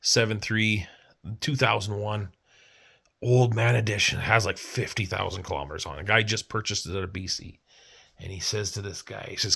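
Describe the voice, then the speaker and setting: A man's voice: fairly low pitch, fairly even intonation, normal speed, vocal fry, bright, forceful tone, husky. A man from Canada telling a rambling, profane story in a casual vlog, acting out the people he quotes. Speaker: vlogger.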